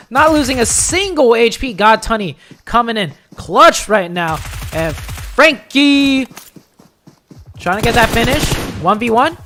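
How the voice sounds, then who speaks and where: A solo esports caster streaming play-by-play from a home setup. The voice drifts between offhand chatter and sudden excited calls whenever the shooting starts. Faint game gunfire runs underneath. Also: mid-range voice, slight background noise. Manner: chatty and offhand in lulls, bursting into excited calls during fights.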